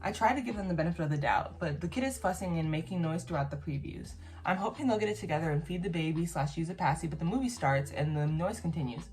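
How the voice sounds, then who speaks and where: A woman's voice: low-pitched, animated, fast, few pauses, darkish tone. A woman reading posts aloud and reacting to them in casual commentary, bluntly and with plenty of swearing. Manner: blunt, swears freely, laughs and reacts between read lines. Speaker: YouTuber reacting to online posts.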